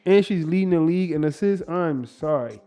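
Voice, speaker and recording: Mellow man co-hosting. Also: a little high, moderate pace, smooth, faint music behind. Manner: relaxed, reflective, sports-savvy. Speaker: podcast co-host. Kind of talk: casual chat.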